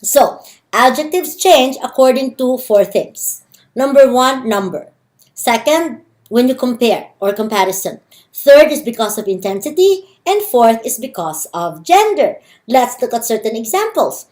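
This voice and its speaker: A woman with a Filipino accent teaching a recorded grammar lecture. Her voice sits a little high, and she spells out each rule patiently, repeating examples and slowing down on key syllables. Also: animated, darkish tone. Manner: slow, careful explanation with repeated examples. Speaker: language teacher.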